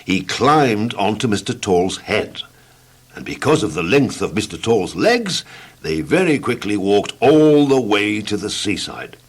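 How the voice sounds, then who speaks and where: A man narrating a children's storybook tape, playful and expressive, slowing down for effect. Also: lowish voice, breathy edge.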